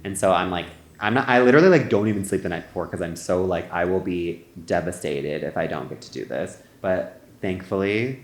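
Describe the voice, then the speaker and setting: Lowish-voiced man rambling through a story. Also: a little fast, hardly any pauses, roomy sound. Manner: rambling, full of "like" fillers. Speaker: podcast co-host. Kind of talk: casual comedic storytelling.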